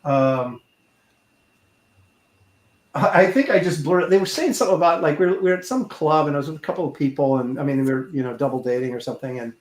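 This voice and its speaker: A man hosting a relaxed chat show, rambling and restarting his sentences as he tells a story. His voice sits a little high and rings in an echoey room. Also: fast. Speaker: podcast host. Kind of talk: casual chat.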